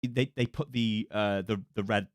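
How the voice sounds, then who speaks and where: A man's voice: on the low side, steady tone, moderate pace, dry recording, studio quality. A man hosting a casual live co-stream, chatting and laughing often while reading out the chat.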